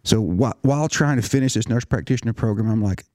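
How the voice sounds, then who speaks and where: In a fast, dark-toned voice of medium pitch, a middle-aged man tells his story as a nurse practitioner, earnest and prone to restarting. The studio recording is clean and dry.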